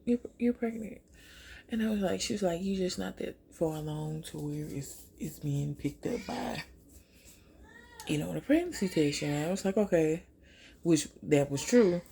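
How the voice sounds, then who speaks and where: A young woman from Louisiana tells a story while doing her makeup. She jumps up into a high voice whenever she quotes people. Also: moderate pace, vocal fry, dark tone, a little hiss or hum. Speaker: vlogger.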